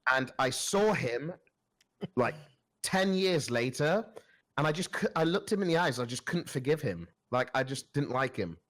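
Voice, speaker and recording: Lively-pitched young man, self-mocking. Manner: self-mocking, halting storytelling. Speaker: podcast guest. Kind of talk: casual podcast chat.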